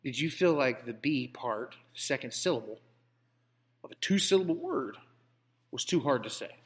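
A man spinning a tall tale with mock grandeur, as if he were a lofty philosopher. His voice sits at an ordinary middle pitch, and it rings out with a long hall reverb around it. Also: animated, normal speed. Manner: mock-grand, playfully pompous storytelling. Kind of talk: comedic banter.

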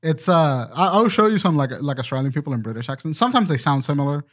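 A man's voice: on the high side, big pitch swings, quick pace. Casual male podcast host, loose and rambling, swears freely. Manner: rambling, profane, self-correcting. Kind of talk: casual chat.

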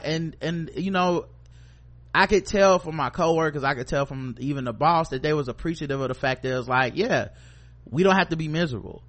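A man hosting a podcast tells a long work story in an easy, casual way. He throws in quoted voices of coworkers and swears freely. His voice sits a little higher than most men's. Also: a little fast, a bit bright. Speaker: podcast co-host.

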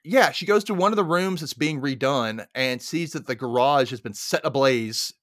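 A man hosting a podcast, recapping a movie in casual chat as an animated, laughing storyteller. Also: medium pitch, normal speed, no room sound, studio quality. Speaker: podcast host.

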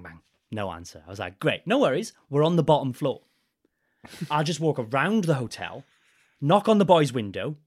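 A young man, a podcast guest, telling a rowdy story in a casual, animated way with swearing. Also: mid-range voice.

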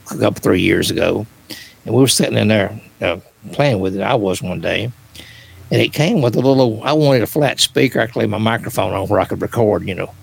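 A man's voice: lowish voice, gravelly, husky, poor audio. An older man, a paranormal researcher, rambling through personal stories with many fillers and restarts. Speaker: guest, author and paranormal researcher. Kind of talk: casual storytelling.

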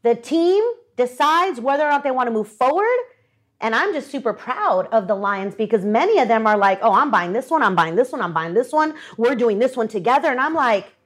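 High-pitched woman on a podcast telling a story, doing everyone's voices. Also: fairly quick. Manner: animated, acts out quoted voices. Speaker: podcast co-host. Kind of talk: casual storytelling chat. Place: studio with audience.

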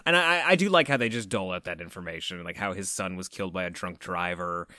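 A man's voice: low voice, quick pace, pushed and bright, dry recording, clean studio sound. A man co-hosting a podcast, talking casually and rambling about a film with fillers and frequent laughter. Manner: swearing, jokey. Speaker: podcast co-host.

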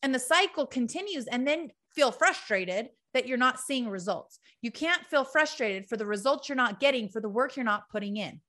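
A woman with a high, bright voice delivering a tough-love motivational talk. She hammers her points through repetition and blunt emphasis, talking straight to her audience. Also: animated, normal speed, hardly any pauses. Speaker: motivational speaker. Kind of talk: direct-to-camera motivational talk.

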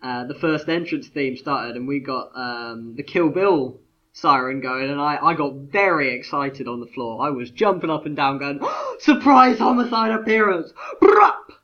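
A man's voice: medium pitch, moderate pace, sharp tone, dull audio. A man co-hosting a casual chat podcast, rambling with lots of fillers and restarts. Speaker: podcast co-host.

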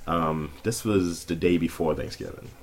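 A man in his thirties co-hosting a podcast in loud, profane casual chat, often jumping up into high mocking voices. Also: moderate pace. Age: 30s. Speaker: podcast co-host.

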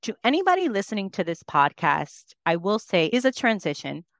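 A woman's voice: medium pitch, big pitch swings, normal speed, no echo, studio quality. A woman in her thirties, a working mother, speaking earnestly and with emotion in a podcast conversation. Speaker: podcast guest.

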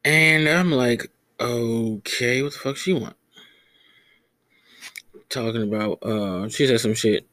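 A man's voice: medium pitch, slow pace, long pauses, sharp tone, no room sound. A young man hosting a podcast, rambling casually and profanely, often stumbling over his words. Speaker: podcast host.

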